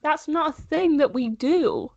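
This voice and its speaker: A young woman in her twenties co-hosting a podcast, chatting in an animated way and laughing often, recorded over a video call. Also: high-pitched, measured pace, vocal fry, no echo, highs cut off. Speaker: podcast co-host. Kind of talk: casual chat. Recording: dry close sound over a call.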